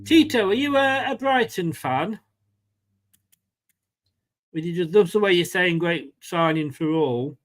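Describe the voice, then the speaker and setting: A man's voice: high-pitched, expressive, a little slow, long pauses. A man with an English accent hosting a fan watchalong, calling the play casually and chatting with viewers. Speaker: fan channel host. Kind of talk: live football watchalong commentary.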